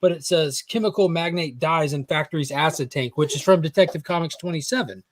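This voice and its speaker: Relaxed, chatty man, fairly high voice. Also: fairly quick. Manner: laid-back, chatty, laughs at own jokes. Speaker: podcast co-host. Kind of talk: casual comics discussion.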